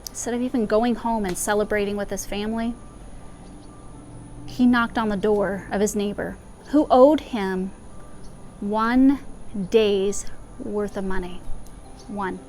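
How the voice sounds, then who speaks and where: A woman's voice: medium pitch, measured pace, long pauses, darkish tone, a little hiss or hum. A woman chaplain giving a spoken meditation, retelling a parable in a conversational way with personal asides.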